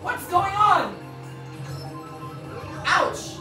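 A woman commentating her racing game play, excitable, swearing and yelping. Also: very high voice, extremely slow. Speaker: gaming channel host. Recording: roomy, distant from mic. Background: game music.

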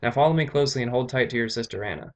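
A man's voice: mid-range voice, racing, lightly acted. A man voicing a stern, commanding noble father who is an earl, speaking firmly with a raised voice.

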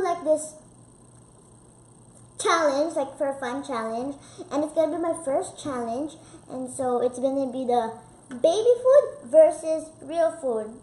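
A woman vlogging casually as she tastes foods, chatty and excitable, with lots of "like" fillers. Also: high-pitched, echoey room, a little hiss or hum. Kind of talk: casual food-tasting vlog.

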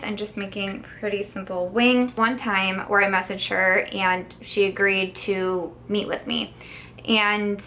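A woman's voice: mid-range voice, a bit bright. A young woman tells a long storytime while doing her makeup at home, speaking close to the camera. She talks in a chatty, exasperated way, filling her sentences with "like" as she relives an old friendship falling apart. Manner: chatty, exasperated retelling with many "like"s. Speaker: beauty vlogger. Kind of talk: get-ready-with-me storytime.

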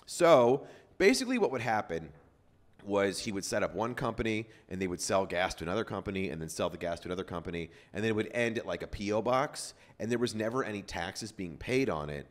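A man's voice: on the low side, animated, brisk. A man hosting a podcast, telling a story in loose casual chat with lots of fillers and swearing. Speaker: podcast host.

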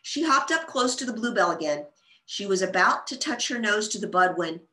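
Woman storytime reader, expressive and sing-song, bright tone. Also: medium pitch, moderate pace. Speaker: children's librarian. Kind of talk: storytime read-aloud. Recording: roomy echo.

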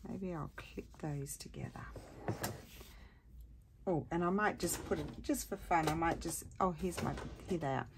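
A woman with a low, tired voice talks casually through a crafting tutorial. She rambles and thinks aloud as she works. Steady background noise runs under her voice. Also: unhurried, gravelly. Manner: chatty, rambling, thinks aloud while working.

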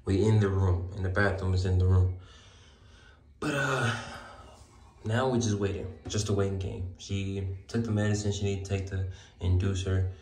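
A man's voice: sits low, steady tone, normal speed, darkish tone, slightly rough. A young man casually vlogging from a hospital room, talking to his viewers in loose slang. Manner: laid-back, slangy, talks to viewers.

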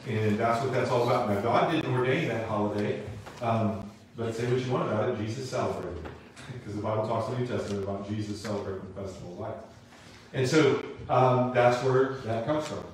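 A man teaching a Bible class in a church, retelling a story in an animated, casual way, recorded in an echoey room from a distant mic. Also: on the low side, brisk, a little hiss or hum. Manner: animated, casual, acts out characters. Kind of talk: lively storytelling lesson.

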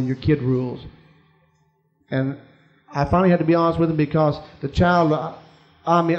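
A man with a high, light voice preaches to his congregation, telling a personal story. He swings from quiet, confiding asides to emphatic, rising declarations. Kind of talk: sermon.

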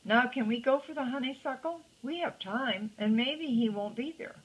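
An older woman voicing a small, eager boy mouse in a read-aloud storybook, with a husky voice. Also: high-pitched, normal speed, dull audio, voice pushed up. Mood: hopeful.

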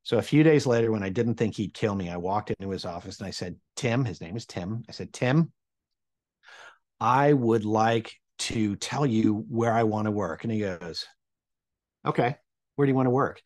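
This storyteller's voice sits on the low side, with a darkish tone and a normal pace. He's a Midwestern American man in his forties telling a personal anecdote to camera, jumping dramatically in voice as he plays the people he quotes.

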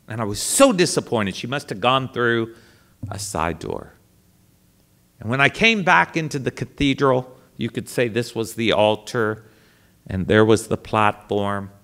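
A man, a priest, telling a story to a live audience in a dramatic, animated way, dropping to a hush and then rising loud. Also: medium pitch. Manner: dramatic, animated storyteller who swings between hushed and loud. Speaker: priest giving a talk.

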